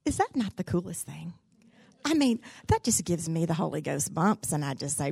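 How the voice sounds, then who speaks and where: A woman's voice: sits low, very animated, moderate pace, gravelly, a little mellow, breathy edge, no echo. A woman, a pastor's wife giving a devotional talk in a folksy, candid, humorous storytelling way. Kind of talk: sermon-style devotional storytelling.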